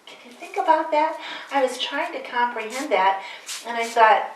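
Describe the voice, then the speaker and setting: A woman's voice: a little high, lively intonation, normal speed, far from the mic, slight background noise, natural voice. A woman playing an older Mary, wry and chatty, echoey room. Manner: chatty, wry asides to the audience. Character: aged Virgin Mary, wry, homespun storyteller. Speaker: one-woman stage performer. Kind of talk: live character monologue.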